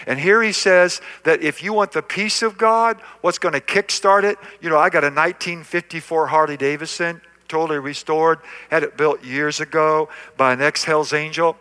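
A man's voice: on the high side, bright, forceful tone. An older man preaching a sermon as pastor in a church, emphatic and repetitive, calling out to the congregation. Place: church sanctuary.

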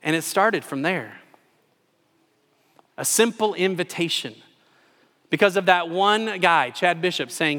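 A man in his forties preaching a sermon in a church, telling a personal story with animated, self-deprecating humor. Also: high voice, measured pace, long pauses. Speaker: pastor. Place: church sanctuary. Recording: long reverb of a large hall.

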